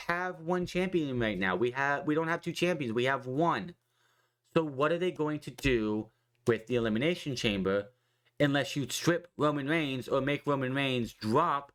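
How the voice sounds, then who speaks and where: Rambling, swearing man recapping wrestling. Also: mid-range voice. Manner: excited, rambling, swears freely, acts out quotes. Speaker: podcast host.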